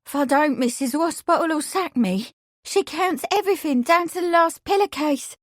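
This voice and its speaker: A woman's voice: high-pitched, moderate pace, no room sound, studio quality, voice pushed up, lightly acted. A woman voicing a frightened young laundry maid who pleads desperately in a breathless way.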